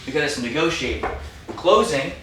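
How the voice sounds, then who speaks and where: A man in his twenties leading a sales training for his team, talking fast and punchy. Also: on the high side, animated, fairly bright tone. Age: 20s. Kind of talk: live sales training talk. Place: meeting room with team. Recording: echoey room, mic far off, background noise.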